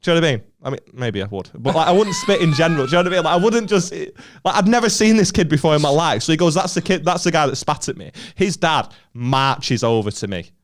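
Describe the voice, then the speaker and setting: A man's voice: a little high, lively intonation, fast, hardly any pauses, slight background noise. Sweary man telling a story. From Stoke, England. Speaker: podcast co-host. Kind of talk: casual storytelling chat.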